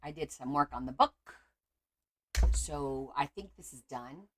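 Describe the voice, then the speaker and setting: A woman's voice: low voice, expressive, unhurried, fairly bright tone, a little hiss or hum. A middle-aged woman hosting a casual craft livestream from home on her phone, chatty and teasing as she greets viewers by name.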